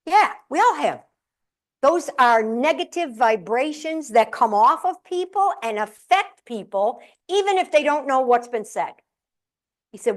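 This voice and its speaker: A middle-aged woman with a fairly high voice delivering a comic keynote to a live audience. She tells lively anecdotes and jumps in and out of acted-out quotes. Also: normal speed. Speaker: keynote speaker and humorist. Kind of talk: humorous keynote storytelling. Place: live event venue.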